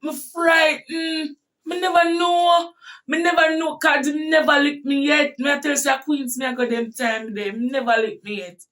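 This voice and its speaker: A woman with a Jamaican accent telling a personal story in casual talk, animated and breaking into shouts at tense moments. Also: high-pitched, normal speed, distant mic.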